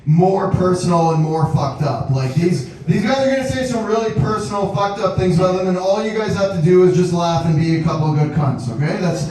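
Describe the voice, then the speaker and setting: A man's voice: high voice, a little fast, hardly any pauses, a little mellow, far from the mic, slight background noise. A man hosting a live comedy show, doing brash, profane crowd work and laughing with the audience. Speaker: comedy host. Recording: echoey room, mic heard from afar. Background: crowd reactions.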